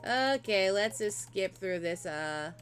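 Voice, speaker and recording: A woman's voice: mid-range voice, animated, takes it slowly, faint music behind. A young woman streamer reading a visual novel aloud during a casual playthrough, adding wry asides.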